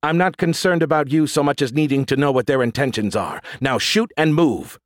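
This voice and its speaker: A sharp, commanding young woman barks urgent orders over the radio, as a male narrator puts her on with a lifted voice. She is brisk and clipped in an audiobook reading. The recording is dry and close. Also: fairly high pitch, lively intonation, no echo, voice pushed up, natural voice.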